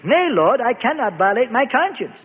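A man's voice: high voice, very animated, a little fast, breathy edge, heavily acted. A man voicing a devout, anxious male apostle who pleads and protests earnestly in a radio Bible drama. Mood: horrified. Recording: tinny phone-like radio recording with reverb.

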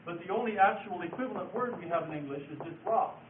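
A man with a fairly high voice gives a patient, step-by-step lesson, repeating his key words. He sounds distant and echoey, as if taped from the back of a room. The sound is thin and phone-like, with a faint hiss underneath. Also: expressive, fast. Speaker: Bible study teacher. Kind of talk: classroom lecture with board writing.

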